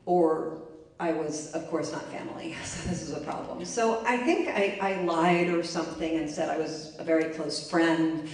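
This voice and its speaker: Woman, lowish voice, wry self-mocking storyteller, booming echo, mic far off. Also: moderate pace. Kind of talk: live personal storytelling. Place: library event space. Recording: echoey room, mic far off.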